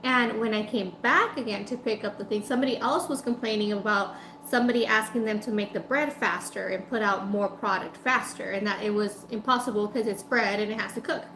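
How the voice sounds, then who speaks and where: A woman's voice: medium pitch, fairly quick, hardly any pauses, roomy sound, slight background noise, poor audio. A woman food vlogger chatting casually and telling a story while she eats. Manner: chatty, animated retelling with quoted voices.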